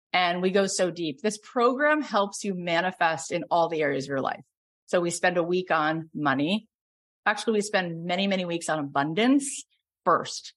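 Middle-aged woman coach, effusive sales pitch, builds to loud emphasis. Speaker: coach and program host.

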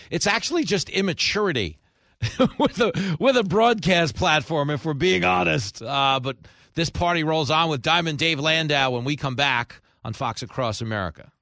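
Animated, bright-voiced male radio host. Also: on the high side, dry recording. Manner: joking, quick banter, laughs often. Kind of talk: comedic radio talk.

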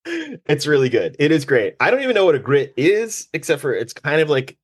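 A male comedian telling stories in a casual podcast chat, jokey and animated. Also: fairly high pitch, a little fast, breathy edge. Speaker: comedian guest.

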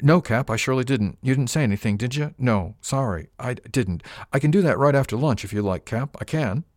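A man's voice: on the low side, lively intonation, normal speed, darkish tone, no echo, studio quality, close to an everyday voice. A man reading an audiobook, voicing a folksy, easygoing ship's engineer who calls his captain Cap.

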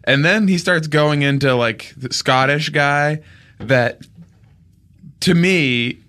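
Comedy podcast co-host, male, slow deliberate delivery, bright forward tone, deadpan. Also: a little high. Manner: deadpan, absurd bits told straight. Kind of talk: deadpan improvised comedy chat.

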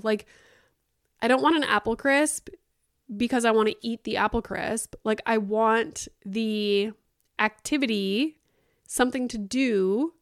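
A woman's voice: a little high, unhurried, no room sound, clean studio sound. A woman in her thirties from Canada, hosting a casual solo podcast and telling a rambling, exasperated story full of "like" fillers. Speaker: podcast host.

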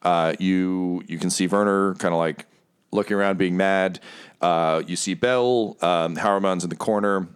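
A male game master narrating a tabletop game in a rambling, easygoing way. His voice sits fairly low, and his talk is full of ums and likes. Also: steady tone, moderate pace, smooth. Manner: rambling, casual, full of fillers.

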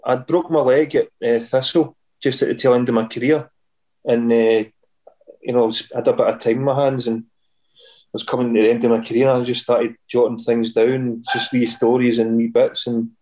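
A middle-aged Scottish man, a former footballer, guests on a podcast, telling rambling anecdotes and acting out the voices of the people he quotes. His mid-range voice is level and darkish, at normal speed, and the audio is poor.

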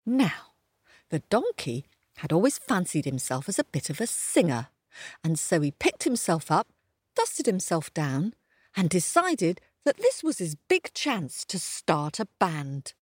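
A woman's voice: fairly low pitch, big pitch swings, a little slow, breathy edge, no room sound, studio quality. A woman telling a children's story aloud and inviting young listeners to join in the animal noises.

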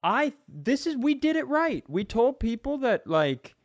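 A man's voice: very high-pitched, very animated, measured pace, no room sound. A man co-hosting a podcast, riffing with playful bravado and mock-confident jokes. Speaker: podcast co-host. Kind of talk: casual comedic chat.

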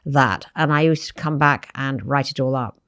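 A woman's voice: rumbling low, normal speed, dry recording, clean studio sound. An older woman, a magazine editor, telling stories as an interview guest with many asides. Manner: lively storytelling, many "you know" and "I mean". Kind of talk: relaxed interview conversation.

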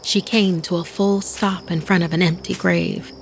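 A woman hosting a podcast, narrating a spooky tale in a scripted, hushed manner that often drops to a whisper. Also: fairly low pitch, fairly even intonation, moderate pace, vocal fry, slight background noise. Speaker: podcast host and storyteller. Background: music bed.

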